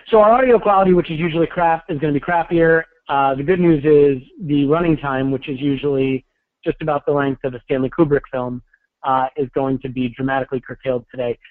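A man's voice: on the high side, dry recording. A man hosting a podcast casually over a phone call, making wry self-deprecating jokes. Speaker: podcast host. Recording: tinny cell phone line.

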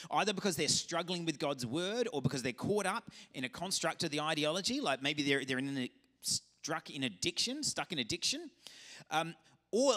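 A man, a pastor, preaching a lively, conversational sermon. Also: on the high side. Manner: animated, conversational preaching with acted-out dialogue. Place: church auditorium.

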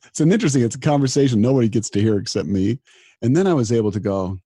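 A man's voice: medium pitch, lively intonation, very fast, mellow, husky, no room sound. A middle-aged man, a disaster physician, talking earnestly in an interview and often repeating words as he starts a sentence. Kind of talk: reflective interview talk.

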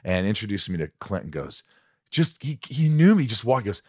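A male podcast host with a lowish voice that swings widely as he tells his stories, stumbling over restarts and slipping into other people's voices. The sound is dry and close, with no room around it. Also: breathy edge, dry recording. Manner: animated, acts out voices in anecdotes; halting restarts. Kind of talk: casual storytelling chat.

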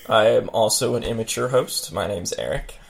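A man's voice: fairly low pitch, unhurried, vocal fry. A man co-hosting a casual podcast, laughing often and reading an interactive story aloud. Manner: laughing, animated reader.

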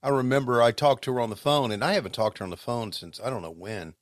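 A man co-hosting a podcast, chatting casually and telling rambling stories with many halting restarts. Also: medium pitch, dry recording, clean studio sound. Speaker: podcast co-host, former wrestling commentator. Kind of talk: casual chat.

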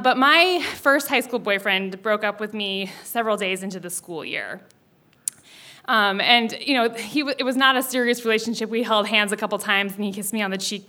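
A young woman telling a personal story live, animated and self-mocking, often laughing. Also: medium pitch.

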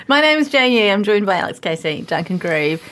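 A woman's voice: mid-range voice, sing-song, moderate pace, fairly bright tone. Kiwi lady hosting a chatty podcast, bouncy voice, laughs a lot. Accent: New Zealand. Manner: bubbly, laughs often. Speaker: podcast host. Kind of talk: casual chat. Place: podcast studio.

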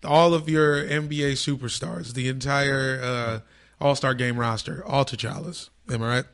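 A man co-hosting a casual sports chat with friends, joking and slangy, talking in quick bursts. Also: mid-range voice, fairly even intonation, a bit bright. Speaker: podcast co-host.

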